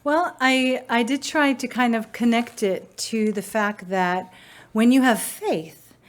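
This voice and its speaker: Reflective higher-voiced woman singer. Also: takes it slowly. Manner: reflective, uses rhetorical "right?". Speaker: singer and co-host. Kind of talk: casual talk show chat.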